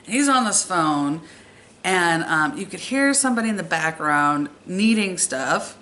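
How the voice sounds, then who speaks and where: A young woman telling a true story from her own life in a casual, animated and exasperated way. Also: fairly low pitch, measured pace. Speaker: storytime vlogger.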